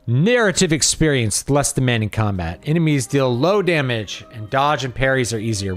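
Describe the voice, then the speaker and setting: Rambling man chatting on a gaming stream. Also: mid-range voice. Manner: rambling, thinks aloud, trails off often. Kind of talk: casual gaming livestream chat.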